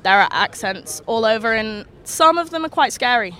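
A woman's voice: fairly high pitch, lively intonation, normal speed, pushed and bright, faint music behind. Dry young woman outdoors. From England. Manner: frank, dry, matter-of-fact. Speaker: interviewee. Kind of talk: casual street interview. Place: outdoors on a city street. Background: traffic.

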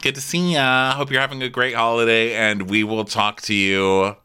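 A man's voice: medium pitch, fairly even intonation, moderate pace, smooth. A man co-hosting a podcast, laughing often as he recaps a reality show in casual chat. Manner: laughs often, breaks into loud acted quotes. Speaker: podcast co-host.

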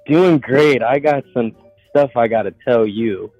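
A man's voice: medium pitch, unhurried, a little mellow, lo-fi sound, faint music behind. A man calling in to a show, telling a long story in a casual, profane, rambling way and acting out what others said. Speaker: caller.

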